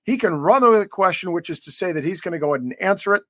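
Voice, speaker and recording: A man's voice: sits high, animated, racing, dry recording, clean studio sound. A man co-hosting a sports podcast interview, joking and rambling with plenty of fillers. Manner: jokey, rambling, filler-heavy. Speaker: co-host.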